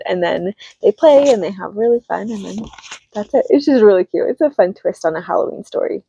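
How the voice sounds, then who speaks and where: A homeschooling mom in her thirties chats casually while retelling children's books for a book review, upbeat and dropping light laughs. Her mid-range voice is dark and husky and a little fast. There's no room sound, and the lo-fi recording is slightly dull.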